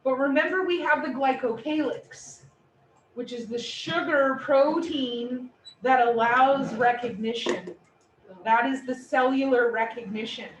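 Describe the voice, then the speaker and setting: Woman instructor, high voice, playful lecture style, echoey room recorded from a distance. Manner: animated, playful explanations. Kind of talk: classroom lecture. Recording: echoey room, distant mic, faint noise.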